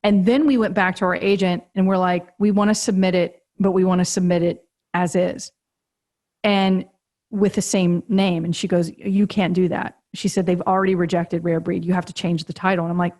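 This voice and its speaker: A woman's voice: lowish voice, little pitch movement, moderate pace, a little mellow. A woman guest on a podcast interview, telling a story animatedly, laughing often and acting out quoted dialogue. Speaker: guest, agency co-founder and author. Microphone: podcast remote call.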